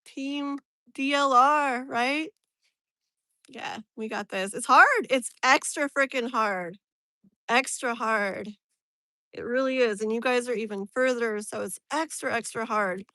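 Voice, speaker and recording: Brief: rambling, giggly woman tarot reader on a live stream, slightly high voice, dry close sound. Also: slow pace, pushed and bright, no echo. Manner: chatty, laughs often, greets viewers by name; rambling, filler-heavy. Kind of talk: casual live-stream chat.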